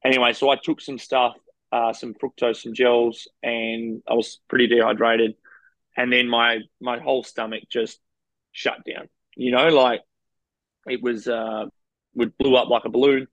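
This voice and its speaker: A man's voice: medium pitch, little pitch movement, measured pace, fairly bright tone, no room sound, low-quality recording. An Australian man, a professional cyclist, frankly recounting race stories in a rambling, casual interview. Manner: rambling, frank anecdotes with quoted dialogue.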